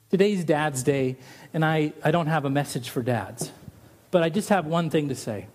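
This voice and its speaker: A middle-aged man delivers a sermon in a lighter, higher-pitched voice. He preaches with animation and pushes his pitch up on each rhetorical question. He settles back into easy storytelling between the big points. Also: lively intonation, moderate pace. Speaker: pastor.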